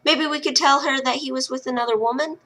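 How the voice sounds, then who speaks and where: A stubborn young girl who stands up to adults and fiercely protects her little brother, as a woman reading aloud voices her. She sounds emotional and defiant, with a bright tone. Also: high voice, fairly even intonation, fast, pitched above the performer's own voice. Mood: tender.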